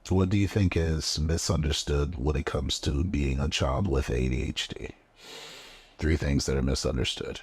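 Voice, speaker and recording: A man's voice: very deep voice, steady tone, moderate pace, darkish tone, a little hiss or hum. A man hosting a casual interview, asking questions in a laid-back way. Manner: laid-back, frequent affirming mm-hmms.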